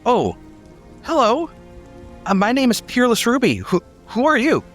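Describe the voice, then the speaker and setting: A man voicing a cheerful, excitable young female dragon in a tabletop game, speaking eagerly. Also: very high-pitched, measured pace, soft background music, pitched above the performer's own voice, exaggerated voice. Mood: curious.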